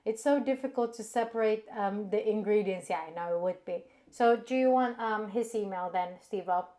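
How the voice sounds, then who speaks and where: A woman's voice: medium pitch, moderate pace, warm tone. A woman co-hosting a live cooking stream, chatting casually, giggling and reading viewer comments aloud.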